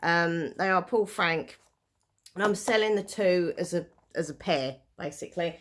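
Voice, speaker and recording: A woman's voice: on the low side, measured pace, fairly bright tone, a little hiss or hum. A woman chatting casually in a show-and-tell vlog, rambling and self-deprecating with frequent giggles. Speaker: vlogger selling items online.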